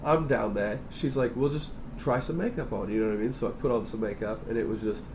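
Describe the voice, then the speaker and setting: A man's voice: medium pitch, lively intonation, fairly quick, noisy background. A man hosting a podcast as a drag performer, casual and chatty, swearing freely and calling people darling. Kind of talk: casual interview chat.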